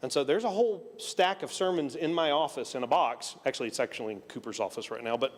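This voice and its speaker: A man's voice: medium pitch, fast. A middle-aged Texan man preaching a conversational sermon, telling a personal story and acting out the dialogue with self-deprecating humor. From Texas. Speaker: pastor. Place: church sanctuary. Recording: church hall reverb.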